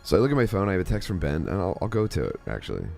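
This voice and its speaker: A man with a low voice rambles through a story to his stream, interrupting himself and swearing freely. His pitch swings widely as he tells it, and faint music plays behind him. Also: huge pitch swings, rapid-fire, creaky, a little mellow. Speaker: streamer host. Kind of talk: casual storytelling to a live chat.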